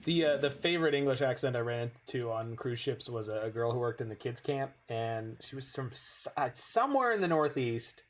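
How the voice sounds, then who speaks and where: A man's voice: medium pitch, lively intonation, brisk, hardly any pauses. Rambling North American man streaming. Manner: rambling, digressive storytelling. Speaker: game streamer. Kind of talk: casual chat while playing a card game.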